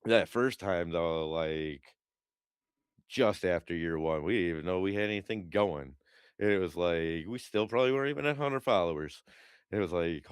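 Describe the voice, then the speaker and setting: Deep-voiced guy cohosting a podcast, smooth tone, dry mic, rambles on and cusses constantly. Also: normal speed, dry recording. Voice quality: smooth low voice. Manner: rambling, profane storytelling with lots of fillers. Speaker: podcast co-host. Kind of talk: casual chat with cursing.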